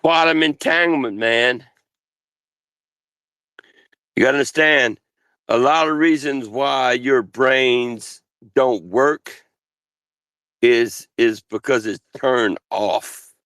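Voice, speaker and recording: A man's voice: mid-range voice, fairly bright tone, smooth, no echo. A man ranting angrily, full of swearing and grandiose threats, lecturing the people around him. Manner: grandiose, threatening, swears constantly, slow drawn-out delivery. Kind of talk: angry profane rant.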